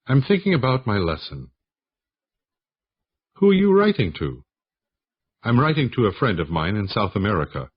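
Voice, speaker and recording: A man slowly reading English practice sentences aloud for learners, one question and answer at a time, in a husky voice. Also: deep voice, lo-fi sound. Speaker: English lesson reader. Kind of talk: slow scripted sentence reading.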